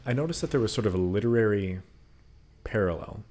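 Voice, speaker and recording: A man in casual conversation about a Bible story, animated and quick to laugh. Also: lowish voice. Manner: animated, acts out quotes with laughs.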